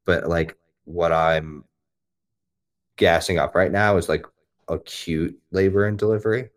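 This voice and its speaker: A man's voice: deep voice, fairly even intonation, measured pace. A man co-hosting a podcast, explaining things in a conversational way with many fillers. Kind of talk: casual chat.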